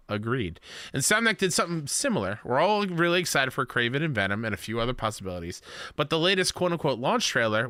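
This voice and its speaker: Bright lively man co-hosting a podcast. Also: mid-range voice, no echo, studio quality. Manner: laughs often, reads letters aloud. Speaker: podcast co-host reading listener mail. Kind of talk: casual chat.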